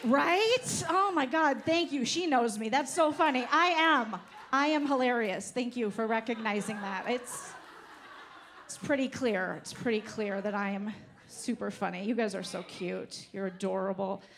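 A woman's voice: fairly high pitch, unhurried, a bit bright, slight background noise. A woman doing a brash, profane stand-up set at a live show, teasing the audience. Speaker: stand-up comedian. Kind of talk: stand-up set with crowd work. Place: live comedy show on stage.

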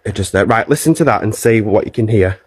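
This ghost-hunting streamer talks quickly in a lowish, breathy voice as he explores castle grounds with a handheld phone. He's earnest and coaxing toward the spirit while staying chatty with the people watching live.

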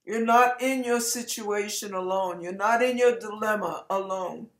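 A hoarse woman giving an encouraging devotional message as an online ministry preacher, with emphatic, repeated exhortations. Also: mid-range voice, measured pace. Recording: echoey room.

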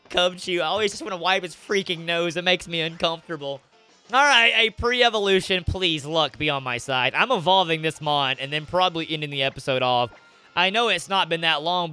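A young man commentating his own game playthrough, excitable and emotional, swinging into loud frustrated outbursts. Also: a little high, clean tone. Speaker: gaming YouTuber. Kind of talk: Let's Play commentary. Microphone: webcam setup with headset or desk mic.

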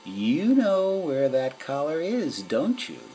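A kindly, eager female cat detective from a storybook, put on by a man reading aloud. She exclaims earnestly, pitched well above a man's voice. The sound has a strained, unnatural timbre. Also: huge pitch swings, takes it slowly, warm tone, heavily acted, poor audio. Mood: exclaiming.

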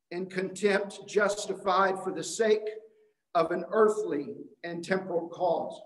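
A man preaches with emphatic, repeating phrases, now and then tripping over a word. His voice sits high for a man and rings out in a roomy, echoing space. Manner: emphatic preaching with repetition and some stumbles. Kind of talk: sermon. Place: worship service.

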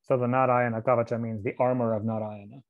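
A man in a middle voice reads an old scripture in translation, carefully and steadily. He breaks off now and then to explain a term in a casual aside before going back to the text. His pitch sits at an ordinary level for a man. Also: little pitch movement, narrow, tinny audio. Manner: measured reading with asides and occasional fillers. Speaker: reader and teacher of scripture.

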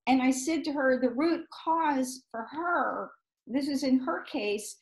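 High-voiced woman explaining energy healing. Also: slow pace, low-quality recording. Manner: explanatory, keeps asking "right?". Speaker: host, medical intuitive healer. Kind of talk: interview, explaining.

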